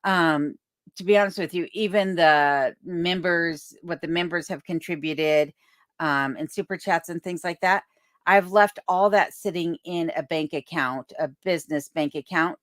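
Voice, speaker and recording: This livestream host, a woman whose voice sits on the low side, keeps a measured pace while reading viewer comments aloud and chattily thanking people. The casual live chat comes from her remote Alaskan home through a desk mic on a boom arm, clean of echo and studio quality.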